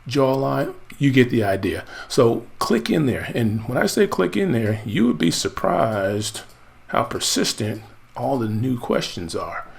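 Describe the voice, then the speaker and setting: A gravelly-voiced American man gives a casual screen-share tutorial, narrating each search he types. His speech is loose and excitable, with a mid-range pitch and a bit of fry at the bottom of his voice. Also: measured pace. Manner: chatty, thinks aloud while typing, excitable. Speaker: marketing coach.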